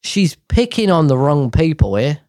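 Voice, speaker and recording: A man's voice: on the high side, sing-song, normal speed, a little mellow, dry recording, studio quality. A man hosting a casual monologue, chatty and rambling, correcting himself as he goes. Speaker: host.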